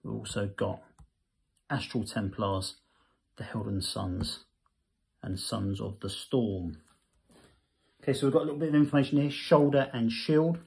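A man's voice: fairly low pitch, unhurried, gravelly, long pauses, darkish tone. Chatty man reviewing a hobby magazine. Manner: chatty, self-correcting, reads text in bursts. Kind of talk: casual magazine review, reading passages aloud.

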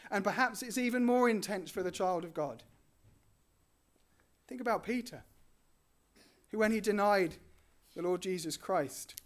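A man preaching a sermon in an earnest way. He lifts his voice on key words and lets his lines fall soft and low at the ends. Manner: earnest, rising on key phrases and dropping softly at line ends.

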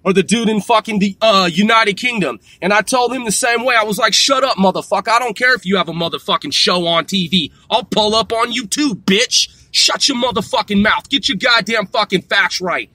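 A man's voice: high-pitched, moderate pace, hardly any pauses, sharp tone, dry recording. A man in his forties ranting to camera, boastful and trash-talking, swearing constantly and tacking "man" onto his lines. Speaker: vlogger. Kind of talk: profane boastful rant to camera.

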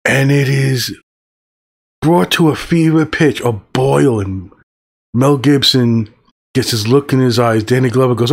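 A man's voice: mid-range voice, unhurried. Man in his fifties, profane movie review. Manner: profane, excited, rambling with fillers. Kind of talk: casual spoken film review.

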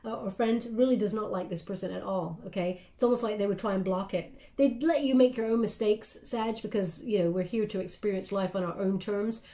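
A woman's voice: mid-range voice, fairly quick, hardly any pauses, mellow. A woman giving a casual spoken tarot reading, chatty and meandering, often checking in with her listener. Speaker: tarot card reader. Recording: roomy echo.

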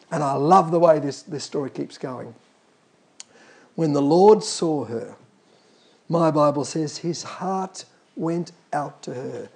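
Husky high-voiced emphatic preacher. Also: male voice, a little mellow. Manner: emphatic, calls out to the congregation. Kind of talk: sermon.

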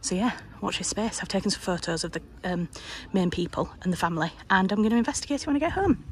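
A woman with a Yorkshire accent, chatting enthusiastically to her handheld camera on a day trip and dropping to a hush indoors. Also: mid-range voice, lively intonation, fast talker. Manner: chatty and enthusiastic, hushed in the museum. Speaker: vlogger. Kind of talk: casual chat to camera. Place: historic house and grounds on a day trip.

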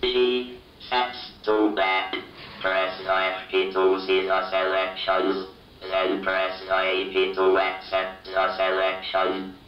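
A male-sounding formant speech synthesizer, a calm, formal demonstration robot with a buzzy monotone synthetic voice, from a cassette tape. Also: low voice, slow pace, reverberant. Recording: distant lo-fi cassette tape with faint music.

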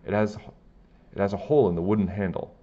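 A man voicing a bold, eccentric woman school custodian who acts like a superhero, with a brisk, commanding manner. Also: lowish voice, fairly even intonation, dull audio, close to an everyday voice. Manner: brisk, commanding, self-assured.

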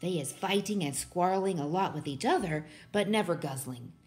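A woman voicing a big, gentle male giant who speaks slowly and softly with mangled grammar. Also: lowish voice, animated, lightly acted. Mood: nervous hush. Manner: slow, soft and hushed.

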